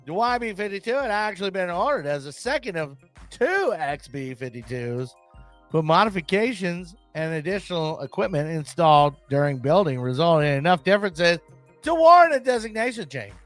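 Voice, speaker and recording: A male podcast host riffs through aviation history in a rambling, excitable way, peppered with profane maintainer jokes. His voice sits a little high and swings widely in pitch. The sound is dry and close, with faint music in the background. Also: normal speed. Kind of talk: casual solo podcast commentary.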